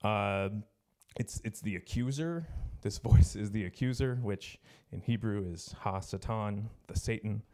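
Male preacher, low voice, reflective and halting sermon to a student congregation. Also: mellow. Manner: hesitant, reflective, frequent self-corrections.

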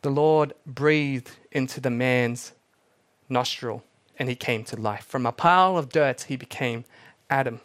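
A man's voice: mid-range voice, measured pace, a bit bright. A male pastor preaching a sermon, dramatic, repeating key words and dropping his voice almost to a whisper for emphasis.

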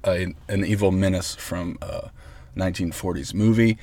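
A man hosting a comedic mock radio broadcast, excitable, rambling and mock-earnest, talking from inside a parked car. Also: low voice, moderate pace, dry recording. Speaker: host. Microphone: close mic in a parked vehicle.

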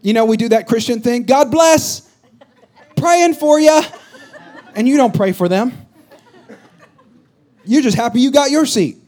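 A middle-aged man giving a sermon with a fairly high voice. He talks casually and jokes with the congregation, then rises into loud, emphatic bursts. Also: normal speed, pauses often. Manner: conversational, joking preacher with rising emphatic bursts. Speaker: pastor.

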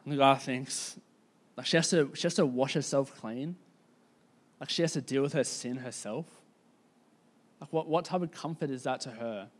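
A man preaching a sermon in a casual, conversational storytelling way, with lots of "like" fillers and slowing down to stress key points. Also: mid-range voice. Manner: casual, filler-heavy, slows down for emphasis.

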